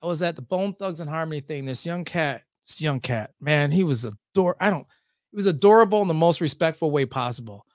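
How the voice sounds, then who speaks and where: Animated middle-aged man, high lively voice. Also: brisk, dry recording, clean studio sound. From Lansing, Michigan area. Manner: lively, acts out quotes with big pitch jumps. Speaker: podcast guest. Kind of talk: animated storytelling in casual conversation.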